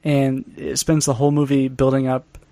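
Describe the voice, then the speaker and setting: A man co-hosting a podcast in casual chat, jokey and animated, laughing often. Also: medium pitch, normal speed, dry recording. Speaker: podcast co-host.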